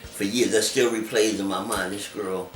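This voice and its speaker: A man telling his life story in an interview, animated and acting out other people's voices as he talks. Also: fairly low pitch, normal speed. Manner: animated, acts out voices in quotes. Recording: echoey room, distant mic, music behind.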